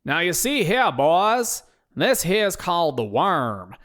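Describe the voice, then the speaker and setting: A narrator voicing a male backwoods moonshiner on TV with a thick Southern US backwoods accent, slow and folksy. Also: mid-range voice, very animated, fairly bright tone, voice pushed up.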